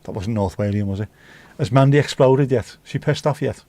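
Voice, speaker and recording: Swearing livestream host. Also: male voice, medium pitch, brisk, mellow, no room sound. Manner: banter with swearing and mock accents. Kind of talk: casual livestream chat.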